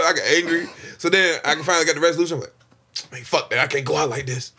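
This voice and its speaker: A young man in casual podcast chat, telling a story in an animated way and acting out his own reactions. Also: on the high side, fast talker.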